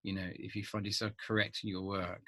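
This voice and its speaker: A man in his fifties, a vlogger talking to camera in a rambling, animated way with many restarts. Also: on the low side, fairly quick, dry recording. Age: 50s. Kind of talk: casual monologue to camera.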